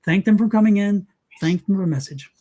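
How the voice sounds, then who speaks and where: A middle-aged man, a psychic guest, giving an emphatic, animated reading and advice on a talk show. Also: high-pitched, fairly quick. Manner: animated, emphatic, repeats commands.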